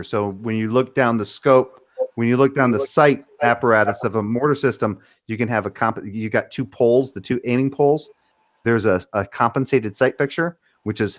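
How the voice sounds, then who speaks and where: A man's voice: mid-range voice, brisk, highs cut off. A man, a military veteran, telling rambling stories in casual chat and swearing freely. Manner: rambling storytelling with profanity. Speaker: veteran panelist.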